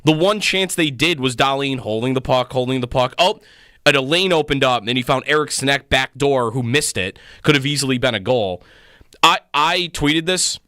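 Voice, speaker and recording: A man co-hosting a sports talk radio show, giving animated, opinionated takes in quick bursts from a radio studio. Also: medium pitch, no echo.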